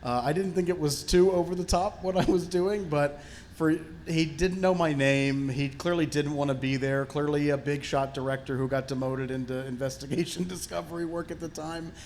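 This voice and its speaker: A man's voice: on the high side, normal speed, slight background noise. A male actor and comedian on a festival panel, telling stories with lots of fillers. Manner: animated anecdotes with frequent fillers. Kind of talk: casual panel storytelling.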